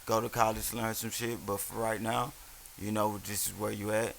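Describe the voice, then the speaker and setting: A man's voice: fairly low pitch, normal speed, gravelly. A young man, telling stories in casual podcast chat and acting out what people said. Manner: animated storyteller, acts out quotes, swears freely. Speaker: podcast co-host. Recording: faint hiss.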